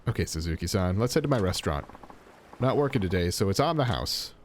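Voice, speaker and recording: A man's voice: low-pitched, expressive, fast, dry recording. A man reading out a boastful, impulsive middle-aged sushi chef from a video game in a hearty, self-assured way. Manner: hearty, self-assured, prone to grand pronouncements. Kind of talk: reading game dialogue aloud.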